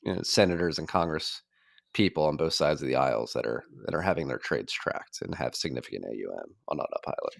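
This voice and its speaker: A man's voice: extremely low pitch, lively intonation, quick pace, gravelly, dry recording, studio quality. A man hosting a podcast in casual chat, wry and musing. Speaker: podcast host.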